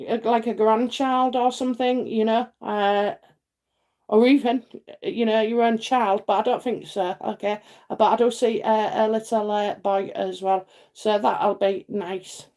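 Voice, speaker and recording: A woman's voice: a little high, fairly even intonation, measured pace, darkish tone. A middle-aged woman from England hosting a live psychic stream, chatting in a rambling way full of fillers and repeats. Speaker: psychic livestream host. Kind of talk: casual livestream chat and readings.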